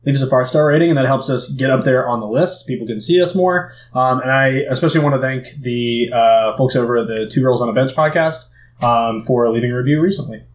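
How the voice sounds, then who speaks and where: A man's voice: mid-range voice, fast. A man co-hosting a podcast in casual, joking chat and plugging the show. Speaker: podcast co-host.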